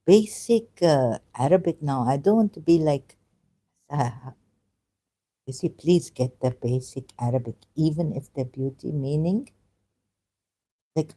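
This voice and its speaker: Woman, low voice, mellow tone, halting and emotional. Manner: emotional, searching aloud, halting with fillers. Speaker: ex-Muslim commentator. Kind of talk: casual commentary reading scripture.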